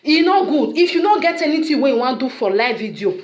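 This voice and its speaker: A woman's voice: sits high, sing-song, fast, roomy sound, lo-fi sound. A woman vlogger with a Nigerian Pidgin accent, scolding in a video message and often breaking in with a questioning "huh?". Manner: scolding, repetitive, rhetorical "huh?".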